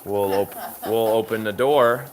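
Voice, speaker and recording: A man's voice: lowish voice, takes it slowly, a little hiss or hum. A man hosting a live stream from a farm, doing chores in the barn and talking fondly to the animals as he goes. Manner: chatty, talks fondly to the animals.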